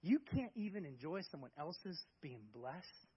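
A man's voice: fairly high pitch, big pitch swings, measured pace, lo-fi sound, background noise. A male pastor preaching a sermon in an emphatic, conversational way, with many rhetorical questions.

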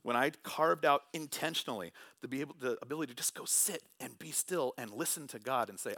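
Guy preaching in church, gets loud then drops to almost a whisper, dry sound. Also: medium pitch, a little fast, hardly any pauses, no room sound. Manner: swings from loud animated bursts to hushed quiet delivery. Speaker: pastor. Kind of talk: sermon.

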